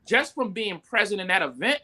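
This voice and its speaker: Animated storytelling man, bright voice. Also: a little fast. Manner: animated, acts out quotes with sudden high pitch jumps; frequent fillers "like" and "yo". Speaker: guest entrepreneur. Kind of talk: casual storytelling on a live talk stream.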